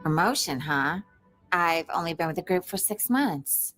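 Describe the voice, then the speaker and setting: A woman's voice: on the low side, lively intonation, moderate pace, fairly bright tone, soft background music. A woman playing a young female smuggler recruit in a fan film, with a snobby sounding voice. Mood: wary.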